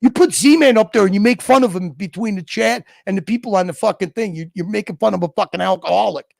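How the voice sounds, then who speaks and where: High, gravelly man ranting on a stream. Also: fast, no echo, clean studio sound. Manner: profane, mocking, heated rant. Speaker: livestream host. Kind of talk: ranting livestream chat.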